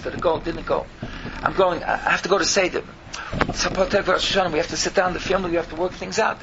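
Gravelly high-voiced guy preaching hard, loud then hushed, kinda dull lo-fi recording. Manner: impassioned, swings from loud bursts to hushed pleading. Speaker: rabbi giving a talk. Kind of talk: animated Yiddish-laced sermon. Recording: slightly dull sound with faint noise.

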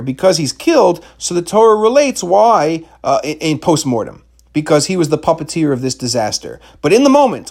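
A man teaching a Torah class. His voice sits a little high and swings widely in pitch as he asks question after question. He slips Hebrew terms into lively, earnest teaching. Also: husky. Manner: animated, rhetorical questions, Hebrew and Yiddish terms.

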